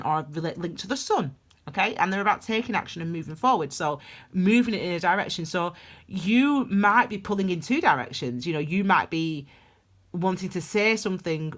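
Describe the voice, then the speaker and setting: Rambling woman reading tarot. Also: fairly low pitch. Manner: rambling and emphatic, many restarts. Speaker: tarot reader.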